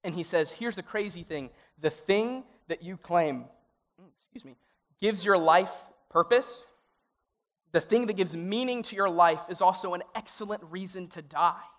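A young man gives a youth sermon in a high-pitched, earnest voice. His talk is casual and heartfelt, and it turns pleading at times. The recording rings with the long reverb of a large hall. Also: measured pace, fairly bright tone. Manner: earnest and conversational, grows emotional and pleading. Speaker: youth pastor.

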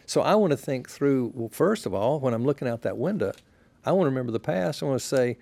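A man, a pastor, talking as a podcast guest in a relaxed, reflective way, sharing stories unhurriedly and often restarting his sentences. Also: medium pitch, brisk, vocal fry, dry recording. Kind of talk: relaxed conversational storytelling.

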